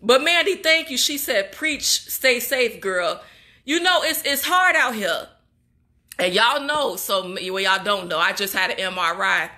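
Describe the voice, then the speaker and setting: A woman's voice: mid-range voice, animated, normal speed, pushed and bright. A young woman from Chicago, a graduate student, venting in an upset, emotional vlog straight to her viewers. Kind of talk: casual emotional vlog monologue.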